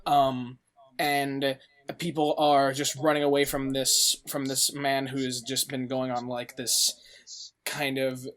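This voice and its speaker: A man's voice: mid-range voice, flat delivery, slow, a bit bright. A man narrating a tabletop game as game master, rambling with many fillers.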